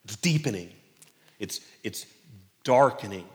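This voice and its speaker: A male preacher giving an expository sermon in an animated, conversational, emphatic way. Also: fairly low pitch, a little slow, long reverb tail.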